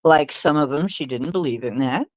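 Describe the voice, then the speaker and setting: A woman's voice: low voice, normal speed, no room sound, low-quality recording. A woman hosting a livestream, telling stories in a rambling, hesitant way with many fillers and little laughs. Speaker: livestream host. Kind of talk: casual storytelling chat.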